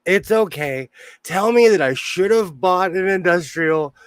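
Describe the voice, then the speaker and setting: A man with a notably high voice hosts a casual livestream, taking his time over each phrase. He jokes around and laughs often between greetings. The sound is close and dry, with no room echo. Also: lively intonation, a little slow, clean tone. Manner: chatty, jokey, laughs often while greeting viewers. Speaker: sewing livestream host.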